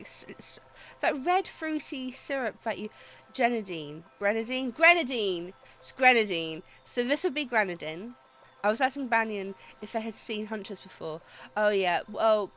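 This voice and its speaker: A woman streaming a dating game, chatting excitably and swearing freely as she reads the story text aloud. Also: medium pitch. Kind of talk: let's-play commentary and reading game text aloud.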